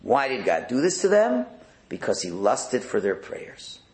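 A man's voice: mid-range voice, a little slow. A man teaching a Torah class as a rabbi, telling stories animatedly and acting out the voices. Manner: animated storyteller, acts out voices. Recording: roomy echo.

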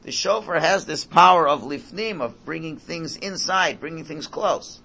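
A man's voice: on the high side, moderate pace, vocal fry, pushed and bright, slight background noise. A man teaching an informal Torah class, emphatic, repeating his phrases and mixing in Hebrew and Yiddish terms.

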